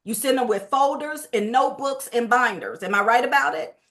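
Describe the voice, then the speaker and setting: Woman, high voice, emphatic sales trainer, quick lively delivery. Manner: lively and emphatic, talks fast by habit. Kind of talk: motivational training talk.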